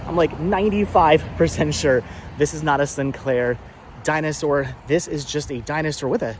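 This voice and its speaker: A male vlogger talking excitedly outdoors at a roadside car wash, repeating himself and laughing often as he shows things to the camera. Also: on the high side, normal speed. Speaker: vlogger host. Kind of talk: casual vlog narration. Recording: outdoor recording with faint road noise. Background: faint traffic and honking.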